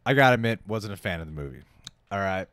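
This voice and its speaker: Lively, opinionated man on a stream. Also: fairly low pitch, quick pace, clean tone, no room sound, clean studio sound. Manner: animated and opinionated, laughs often, many restarts. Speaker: co-host of a movie talk stream. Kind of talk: casual live-stream chat.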